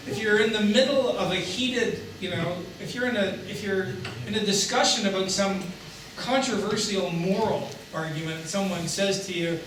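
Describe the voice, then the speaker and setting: A man giving a seminar talk to an audience, joking and conversational, with frequent restarts. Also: high voice. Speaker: guest speaker at a seminar. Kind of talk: lecture with jokes. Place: hall with audience. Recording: echoey hall, distant mic, noise.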